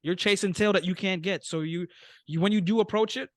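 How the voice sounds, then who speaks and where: Podcast co-host, man, higher voice, halting, slangy, dry mic. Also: no room sound. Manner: hesitant, lots of restarts, laid-back slang. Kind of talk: casual group chat.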